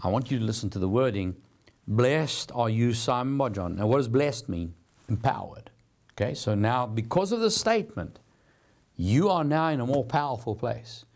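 A male Bible teacher hosts a televised teaching sermon and talks to the viewer directly. His delivery is earnest and encouraging, more conversation than pulpit. His voice sits at an ordinary middle pitch for a man. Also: lively intonation, normal speed, a little mellow. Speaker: Bible teacher and program host.

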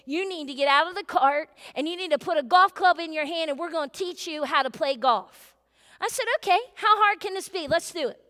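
A middle-aged woman pastor telling a story in a sermon, chatty and animated, acting out her family's voices. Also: extremely high pitch. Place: church sanctuary. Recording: long hall reverb.

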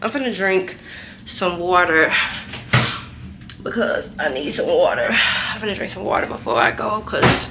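A woman's voice: lowish voice, animated, unhurried, pauses often, over music. A young woman, talking to camera in a hotel room, chatty and emotional. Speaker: vlogger. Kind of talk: casual vlog talk to camera.

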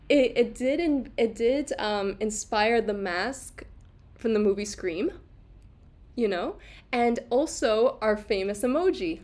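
Her voice is a little high with a darkish tone as she gives a relaxed livestreamed art lecture. Chatty and quick to laugh, she's full of fillers and restarts while answering comments from viewers.

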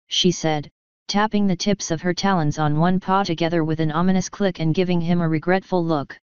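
A woman reads a fan story aloud in a steady storybook manner. Her voice is low and strikingly smooth. The recording is dry and slightly dull. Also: moderate pace, dry recording. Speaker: fanfiction reader. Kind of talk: storybook narration.

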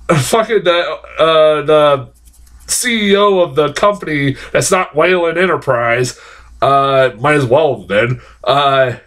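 A man's voice: on the high side, fairly bright tone. A young man giving a casual, rambling film review, swearing often and getting worked up as he talks.

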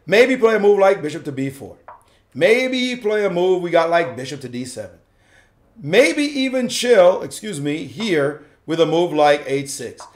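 A male chess grandmaster breaks down a game with playful, slangy commentary, his voice swinging up and down with lively energy. He sits a touch above the usual male pitch. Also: unhurried. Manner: playful, slangy, acts out the players' thoughts.

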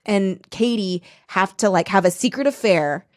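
A woman's voice: mid-range voice, normal speed, dry recording. Woman, podcast co-host, chatty and rambling, acts out characters, dry close sound. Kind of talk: casual comedic book chat.

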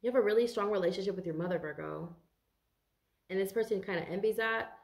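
A woman's voice: mid-range voice, fast, creaky, reverberant. A tired woman doing a casual tarot reading for viewers, chatty and rambling and swearing freely. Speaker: tarot card reader.

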